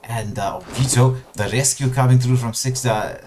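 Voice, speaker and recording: A man doing live play-by-play commentary on an online battle royale tournament, full of filler words and sudden bursts of excitement. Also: medium pitch, moderate pace, few pauses, loud music behind the voice. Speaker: esports caster.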